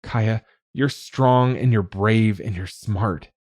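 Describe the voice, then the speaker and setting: A man's voice: fairly low pitch, slow pace, darkish tone, dry recording, studio quality. A man voicing a loving father in an audiobook, earnest and reassuring as he comforts his daughter.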